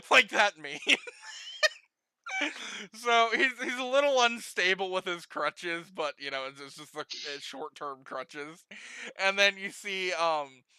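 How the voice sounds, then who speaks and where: Giggly young guy running a tabletop game, slow talk, bright dry sound. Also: high-pitched, clean tone, dry recording. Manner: giggly, rambling with many restarts. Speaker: game master. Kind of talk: narrating a homebrew tabletop game.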